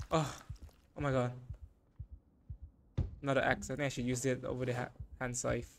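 A man's voice: medium pitch, flat delivery, moderate pace, pauses often, background noise. A young man giving frantic gameplay commentary, panicking and repeating short phrases over and over. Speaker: gaming YouTuber.

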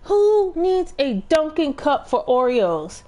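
Animated, cursing woman gamer. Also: high-pitched, slow pace. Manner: animated, profane, stammering restarts. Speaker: gaming streamer. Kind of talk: casual storytelling while playing.

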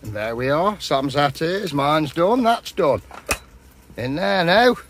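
Slow, chatty man. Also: on the high side, big pitch swings, slight background noise. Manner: chatty, matey, rambling. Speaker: vlogger. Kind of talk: casual chat while cooking. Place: campsite, outdoors.

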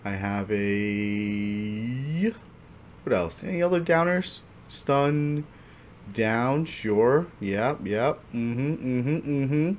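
A man hosting a gaming channel, giving casual commentary on his own gameplay, excitable and laughing often. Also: mid-range voice, extremely slow, slight background noise.

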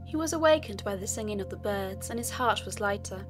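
A woman narrating a fairy tale audiobook in a steady storytelling manner. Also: mid-range voice, fairly quick, over music.

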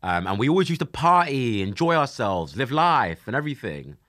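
A man in his twenties hosting a casual chat show, lively and laughing easily, and softer when he speaks of personal loss. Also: medium pitch, brisk. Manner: animated, laughs easily, turns soft and emotional when talking about grief. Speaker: podcast host. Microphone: studio microphone.

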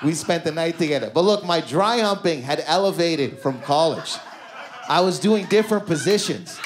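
A man's voice: fairly high pitch, expressive, normal speed, a little hiss or hum. A man doing a stand-up comedy set on a club stage, telling a casual story and acting out the people in it. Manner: storytelling, casual, acts out voices of people in stories. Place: comedy club stage before a live audience.

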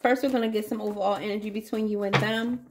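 A woman's voice: medium pitch, fairly even intonation, quick pace, background noise. A woman giving a casual tarot reading to her viewers, chatty and playful, calling them baby and y'all. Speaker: tarot reader.

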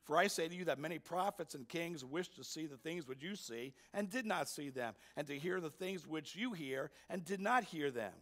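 A male pastor delivers a sermon in a somewhat high voice. He stresses his points and keeps asking the congregation rhetorical questions. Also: lively intonation, moderate pace, few pauses, a bit bright. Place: church sanctuary.

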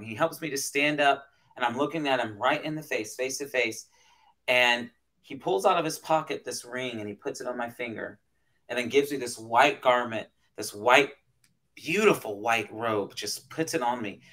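A man, a pastor, telling a personal story as a guest in an interview, animated and emotional, with frequent restarts. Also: medium pitch, normal speed. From United States.

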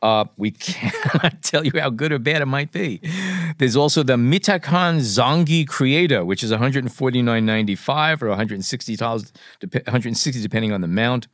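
A man's voice: mid-range voice, lively intonation, a little fast, few pauses, fairly bright tone, dry recording, clean studio sound. A man hosting a podcast, chatting casually and reading out lens specs and prices with frequent fillers. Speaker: podcast host.

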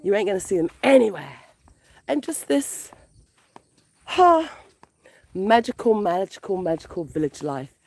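A woman who grew up in the UK vlogging casually outdoors in a village, gushing and excitable, often repeating her words. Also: medium pitch. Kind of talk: casual vlog narration.

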